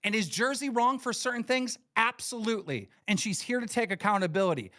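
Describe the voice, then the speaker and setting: Furious high-voiced man ranting. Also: expressive, fairly quick, sharp tone. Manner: angry, profane, emphatic. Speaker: livestream host. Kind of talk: heated livestream rant.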